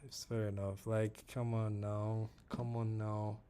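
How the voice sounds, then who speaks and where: A man talks through his trades on a live stream in a slow, easygoing way. His voice is mellow and dark. He repeats phrases often, adds fillers and talks straight to viewers in the chat. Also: on the low side, flat delivery, clean tone. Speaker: forex trading streamer. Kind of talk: live trading stream commentary.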